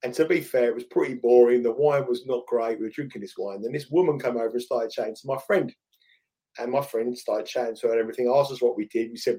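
A man's voice: medium pitch, fast talker, dark tone. A middle-aged man from England co-hosting a betting podcast, telling long rambling anecdotes with many restarts. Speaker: podcast co-host, betting pundit. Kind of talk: casual storytelling chat.

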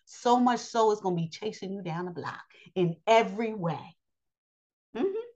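A woman teaching a daily Bible lesson with lively, repetitive preaching, calling her listeners "child" and "honey". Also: medium pitch, moderate pace, highs cut off. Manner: Southern-style vernacular, repeats phrases.

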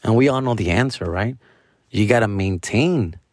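A young man with a Chicano accent, switching into Mexican Spanish slang as he vlogs to viewers, profane and animated. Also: lowish voice, normal speed, no echo, clean studio sound. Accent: Chicano, English mixed with Mexican Spanish slang. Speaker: vlogger taking acting classes. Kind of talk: casual monologue to viewers. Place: small dim room with a lamp.

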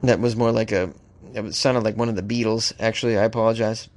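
A man's voice: fairly low pitch, fairly even intonation, fairly quick. A man hosting a comedic news show, reading odd stories aloud and breaking off into wry, joking asides. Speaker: podcast host.

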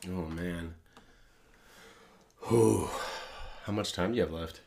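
Low, slow and creaky yet warm, this middle-aged man's voice carries a relaxed podcast chat he co-hosts. He laughs while telling his stories.

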